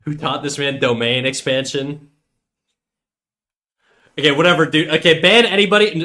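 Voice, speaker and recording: A man streams himself drawing and talks casually to his viewers the whole time. His voice is bright and forceful and sits a little high. He jokes around and plays stubborn when his chat argues with him. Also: moderate pace, pauses often. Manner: joking, mock-defiant banter with chat. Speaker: livestreamer drawing while chatting.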